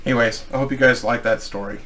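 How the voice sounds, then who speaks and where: A middle-aged man telling a crude personal anecdote in a rambling, profane, animated way. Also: medium pitch, fast talker. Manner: profane, rambling, animated storytelling with acted quotes. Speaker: storyteller.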